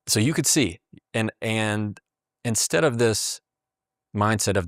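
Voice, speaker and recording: A man's voice: fairly low pitch, moderate pace, vocal fry, no room sound, clean studio sound. A man in casual conversation who explains communication habits and acts out quoted dialogue as he goes.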